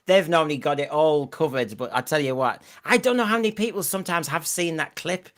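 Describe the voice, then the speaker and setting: A man's voice: a little high, brisk, fairly bright tone. A man hosting a podcast, rambling through casual chat with repeated words and mocking asides. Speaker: podcast host.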